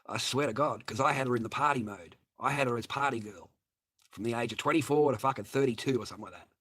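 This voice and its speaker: A man's voice: mid-range voice, fast talker, fairly bright tone, slightly rough. An Australian man chatting crudely on a livestream, swearing heavily and laughing often as he talks. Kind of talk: crude rambling livestream chat.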